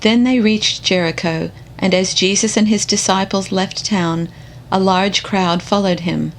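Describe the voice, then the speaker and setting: Woman giving a slow, measured scripture reading. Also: medium pitch, steady tone, slight background noise. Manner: measured, unhurried. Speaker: scripture reader.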